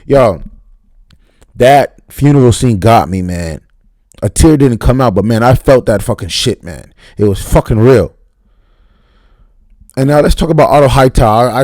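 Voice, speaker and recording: A man giving an unscripted, profane, slang-heavy recap of a TV episode, talking fast and getting worked up. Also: medium pitch, mellow, dry recording. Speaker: TV show reviewer.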